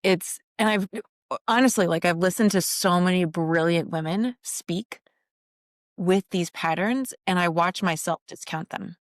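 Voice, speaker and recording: A woman co-hosting a podcast, talking candidly and poking fun at herself, often stopping to restart a thought. Her voice sits on the low side for a woman, and it is recorded close and dry with no room sound. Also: dry recording. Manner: candid, self-deprecating, halting restarts. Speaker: podcast co-host. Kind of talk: casual chat.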